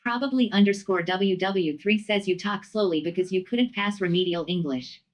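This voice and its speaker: A synthetic woman's voice reading out viewer chat messages in an even, mechanical delivery. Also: mid-range voice, moderate pace. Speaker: text-to-speech chat reader.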